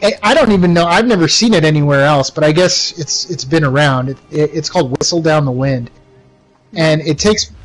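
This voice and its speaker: Rambling young American man, higher voice. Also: low-quality recording. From United States. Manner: rambling, many fillers and restarts, chuckles often. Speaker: livestreaming gamer. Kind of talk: casual rambling chat while gaming.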